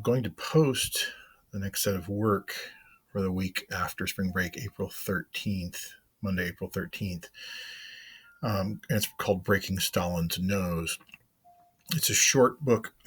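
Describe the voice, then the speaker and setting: A man with a very low, husky voice talks students through their assignments as a teacher. He is casual and meandering, narrating each click on his screen and pausing with fillers as he goes. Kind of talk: recorded screen-share lesson overview.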